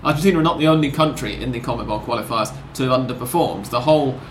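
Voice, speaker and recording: A man's voice: medium pitch, rapid-fire, reverberant, a little hiss or hum. A man hosting a casual football podcast, talking in long rambling sentences with wry self-corrections. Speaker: podcast host.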